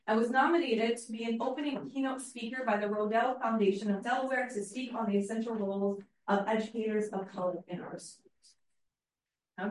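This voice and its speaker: Earnest teacher speaking in an echoey hall. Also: female voice, on the high side, far from the mic, slight background noise. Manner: earnest storytelling with fillers. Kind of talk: public speech.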